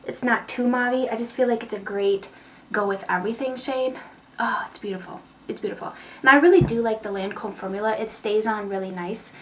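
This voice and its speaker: Chatty woman vlogger, fairly high voice. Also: brisk, slight background noise. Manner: chatty, rambling, with fillers and small laughs. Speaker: beauty vlogger. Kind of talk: casual haul video chat.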